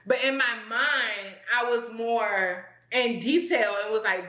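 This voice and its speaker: A woman playing a couples game on a vlog, chatty and quick to laugh, talking straight to viewers. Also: fairly high pitch, sharp tone, roomy sound, low-quality recording. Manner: chatty, laughs often, addresses viewers as y'all. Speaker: couple vlogger.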